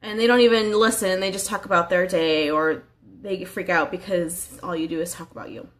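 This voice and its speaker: A woman's voice: lowish voice, fairly even intonation, brisk. A woman giving a casual motivational training talk as a life coach, earnest and conversational, asking the listener rhetorical questions.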